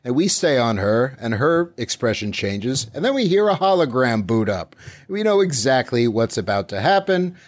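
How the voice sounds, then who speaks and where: A man's voice: mid-range voice, sing-song, normal speed. A man hosting a podcast, recapping an episode in casual chat and dropping into silly voices. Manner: playful, slips into silly voices while retelling scenes.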